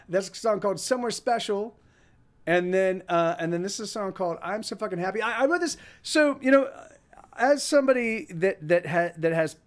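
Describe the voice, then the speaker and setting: A man hosting a live music stream, chatting casually between songs in a rambling, halting way with many repeated words. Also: high voice. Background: guitar playing.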